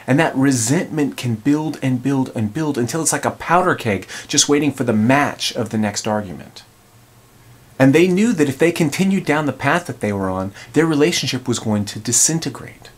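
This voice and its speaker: Male relationship coach, mid-pitched, conversational storyteller. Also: husky. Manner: conversational, acts out quotes. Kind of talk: storytelling talk.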